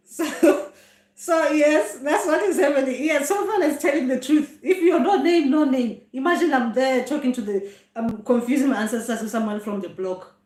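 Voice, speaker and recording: A middle-aged woman with a South African accent and a high voice chats casually on a live stream from home. She laughs often and breaks into "ay, ay" exclamations, and the sound is roomy with echo. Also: moderate pace, a little mellow. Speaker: traditional healer hosting a live stream. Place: home room.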